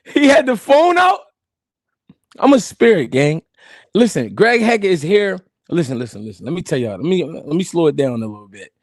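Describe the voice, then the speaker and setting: Lively, high-voiced man ribbing boxers. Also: moderate pace, dry recording, clean studio sound. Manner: animated, laughing, profane banter. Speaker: boxing stream host. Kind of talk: live-stream boxing commentary.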